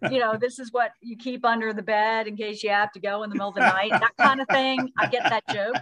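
A middle-aged woman from Georgia, a chatty, animated storyteller as an interview guest. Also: fairly high pitch, fast. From Georgia, USA. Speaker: company CEO, guest. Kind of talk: conversational interview.

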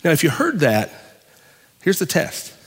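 A man with a high voice preaches a sermon, pausing for effect and swinging between loud and hushed delivery. His voice carries a long reverb from a church hall. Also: huge pitch swings, husky. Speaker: pastor.

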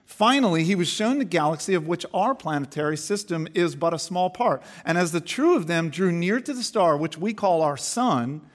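A man preaching as a pastor, earnest and dropping to a hush for emphasis, then reading a story aloud. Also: high-pitched, expressive, normal speed, few pauses.

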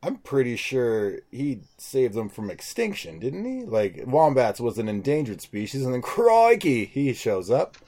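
A man's voice: mid-range voice, very animated, normal speed, few pauses, dark tone. A man co-hosting a podcast, rambling and joking with a lot of swearing. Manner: rambling, profane, jokey. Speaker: podcast co-host. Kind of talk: casual comedic banter.

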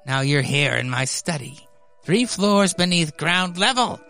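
A man's voice: a little high, lively intonation, measured pace, creaky, bright, forceful tone, faint music behind, voice pushed up, heavily acted. A man voicing a sadistic male horror writer who gloats over his captive, read aloud from a comic. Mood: gloating.

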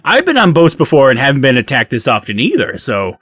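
A man's voice: mid-range voice, wildly swooping pitch, a little fast, a bit bright, slightly rough, no echo, studio quality, heavily acted. A man playing an apologetic, slightly pedantic adventurer who talks politely with hesitations and stammers.

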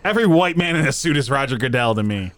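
A man's voice: mid-range voice, lively intonation, quick pace, very noisy. A man co-hosting a gaming podcast, playful and giggly, hamming it up in casual banter. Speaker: podcast co-host.

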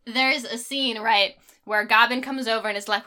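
A woman's voice: on the high side, steady tone, normal speed, bright, forceful tone. A woman in a casual film discussion, criticizing a movie with sarcasm and frequent fillers. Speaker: podcast co-host.

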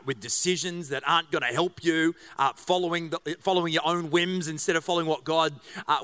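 A man's voice: a little high, pushed and bright. A middle-aged man, a pastor giving a casual sermon in a church, chatty and joking, with many fillers and restarts. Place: church auditorium.

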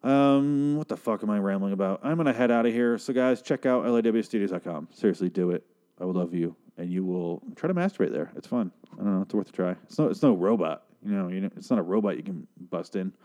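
A man's voice: lowish voice, fast, mellow. A man hosting a casual solo podcast, rambling and profane with sarcastic asides, tired and struggling for words. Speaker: podcast host.

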